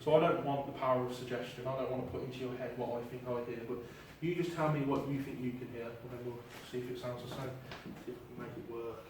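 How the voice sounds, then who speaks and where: A man's voice: mid-range voice, fairly even intonation, quick pace, few pauses. A man giving a casual, chatty talk to a live audience as a paranormal investigator, with plenty of ums and self-deprecating asides. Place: hall with an audience. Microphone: clip-on mic heard from a distance. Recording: very echoey hall, distant mic, noisy.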